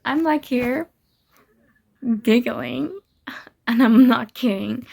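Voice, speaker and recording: A young woman talks through her reading in a casual vlog, gushing and giggling. Her voice sits a little high, with a gravelly, fry-laden edge. She speaks slowly and unhurriedly. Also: a little mellow. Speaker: book vlogger.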